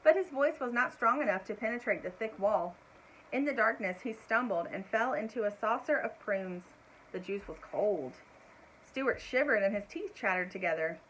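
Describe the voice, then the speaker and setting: A woman reading a children's chapter book aloud in a gentle, expressive way, adding little asides for young listeners. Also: mid-range voice, moderate pace, a little hiss or hum, rough recording. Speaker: storyteller.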